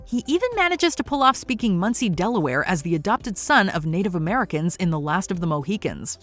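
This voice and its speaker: Lively low-voiced woman narrator. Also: fairly quick. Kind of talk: scripted countdown narration. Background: faint music.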